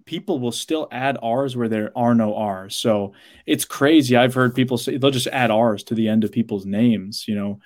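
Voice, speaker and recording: An animated man from New England chatting. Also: mid-range voice. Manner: animated storytelling, quick asides, laughs at himself. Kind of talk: casual chat.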